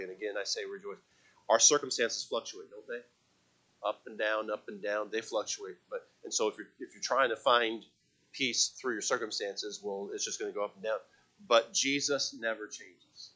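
A man preaching a sermon to a congregation, swinging from quiet, conversational stretches to loud, impassioned calls with repeated words. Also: lowish voice, steady tone, moderate pace. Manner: asks the congregation to read aloud with him. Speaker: pastor.

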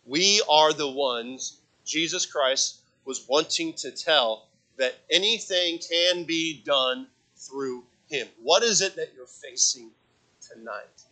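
A man preaching a sermon as pastor, repeating phrases for emphasis and swinging between loud emphatic peaks and hushed low passages. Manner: repeats phrases for emphasis, asks the congregation for amens.

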